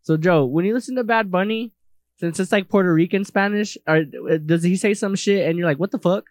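Curious male co-host, rambles with fillers, a bit high-pitched, dry mic. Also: fairly quick, no echo. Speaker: podcast co-host. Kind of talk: casual chat.

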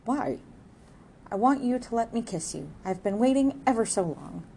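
A woman's voice: fairly high pitch, lively intonation, moderate pace, creaky, mellow, a little hiss or hum, voice pushed up. A woman voicing a shy, earnest young working man in a raised, light voice.

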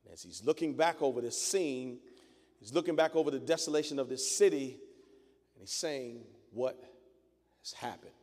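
A man's voice: mid-range voice, animated, moderate pace, darkish tone. A male pastor delivering a dramatic sermon, emphatic and repeating phrases for effect. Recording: long hall reverb.

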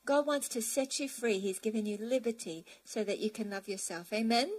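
A woman's voice: medium pitch, animated, a little fast, hardly any pauses, breathy edge, rough recording. A woman preaching a sermon emphatically, reading scripture aloud.

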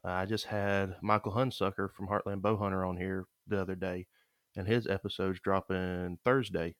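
A laid-back man hosting a podcast in easy conversation, with a very low voice. The sound is dry and close, with no room echo. He talks calmly, without any push. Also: normal speed. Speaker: podcast host. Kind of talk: casual conversation.

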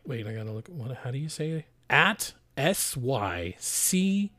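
A man's voice: medium pitch, fairly bright tone, no echo, clean studio sound. A young man hosting a podcast, chatting casually and crudely joking as he reads out listener messages, often laughing. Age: young adult. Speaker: podcast host. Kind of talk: casual chat.

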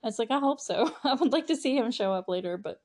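A woman's voice: a little high, expressive, fast, a little mellow. A woman hosting a casual movie recap podcast, chatty and laughing, with lots of fillers. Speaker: podcast host.

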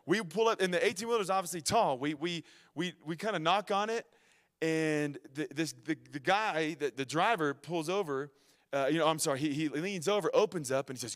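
A young adult man preaching a sermon, telling a story with lively swings from loud to hushed, stumbling and restarting often. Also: on the high side, brisk, long reverb tail.

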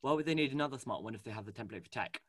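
A man co-hosting a casual fan chat, animated and gushing, with lots of fillers and restarts. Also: mid-range voice, racing, no echo, clean studio sound. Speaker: podcast co-host. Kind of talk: casual fan chat about a cartoon series.

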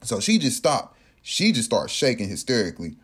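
Man telling a story, animated and profane. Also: mid-range voice, moderate pace, breathy edge. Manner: animated, profane, acts out quotes. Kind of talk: casual storytelling.

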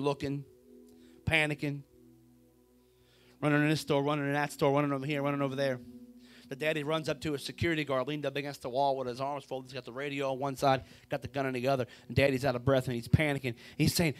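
A man preaching a sermon, telling a story with drama and swinging from a hushed voice to a shout. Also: mid-range voice, level tone, quick pace, soft background music. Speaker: pastor.

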